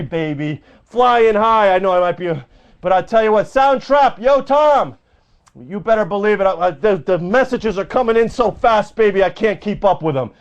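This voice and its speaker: A man hosting his own radio show, loudly ranting and repeating himself as he greets callers. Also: very high-pitched. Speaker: host of an independent internet radio show. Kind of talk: ranting political talk show. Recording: dull lo-fi home recording.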